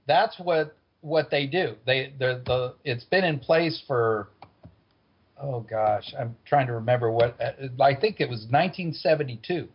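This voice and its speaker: A man telling a personal story in a wry, conversational way. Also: mid-range voice. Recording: dull lo-fi recording.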